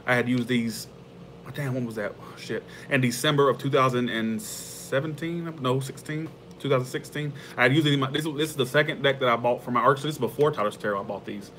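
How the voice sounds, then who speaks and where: A man hosting his tarot channel's livestream, chatting casually and warmly with viewers in a rambling, heartfelt way and laughing often. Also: mid-range voice, quick pace, slight background noise.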